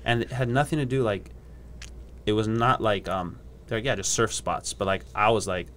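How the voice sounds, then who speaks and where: A man's voice: on the low side, moderate pace, a bit bright, a little hiss or hum. A young man from Hawaii telling surf stories casually, acting out other people's voices and laughing often. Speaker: guest, surfer and scientist. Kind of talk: casual podcast storytelling.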